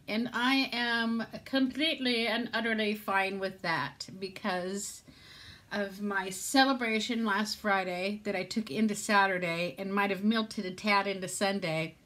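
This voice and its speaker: Sitting at home, an older vlogger from Southern California rambles casually to a phone or camera, mocking herself as she goes. Her voice is medium-pitched and fairly bright, and she keeps a measured pace.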